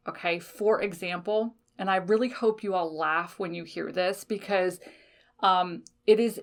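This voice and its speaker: A woman's voice: on the low side, a bit bright. A woman in her forties from the United States, hosting a podcast alone and talking candidly, swearing freely and laughing often. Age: 40s. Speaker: podcast host. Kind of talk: casual solo podcast monologue.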